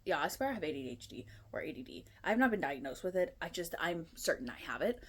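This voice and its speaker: A woman's voice: lowish voice, sing-song, fast, fairly bright tone, husky. A woman in her twenties chatting casually to her phone camera at home, rambling and a little nervous. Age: 20s. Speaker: booktuber. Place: her apartment.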